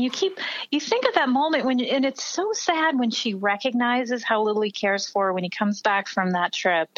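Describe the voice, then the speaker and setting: A woman in casual chat, responding with quick agreement and then sharing her own reflections. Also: medium pitch, fairly bright tone, no echo, highs cut off.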